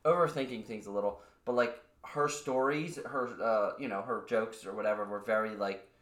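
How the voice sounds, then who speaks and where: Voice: mid-range voice, moderate pace, a bit bright. Rambling podcast host in a roomy space. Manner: rambling, restarts stories, giggles often. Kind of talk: casual chat.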